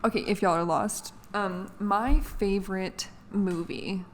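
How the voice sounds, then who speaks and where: A woman's voice: medium pitch, slow, slight background noise. Giggly rambling young woman. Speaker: podcast co-host. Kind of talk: casual chat.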